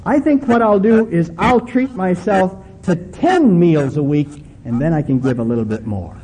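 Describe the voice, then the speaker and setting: A humble, devout elderly woman, as a male pastor quotes her speaks earnestly, her voice pleading. The voice is high and lively. It stays mellow. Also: moderate pace, a little hiss or hum, low-quality recording. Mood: relieved.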